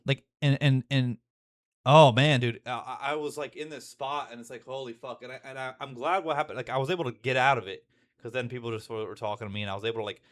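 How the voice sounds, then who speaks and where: A man's voice: mid-range voice, fairly even intonation, fast. A young man in a candid, rambling monologue about his own feelings, full of restarts and fillers. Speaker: vlogger.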